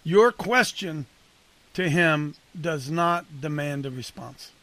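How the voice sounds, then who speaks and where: A man's voice: fairly high pitch, expressive, slow pace, fairly bright tone, dry recording. A man coaching and casually preaching to a men's group, conversational and punchy, calling on listeners by name.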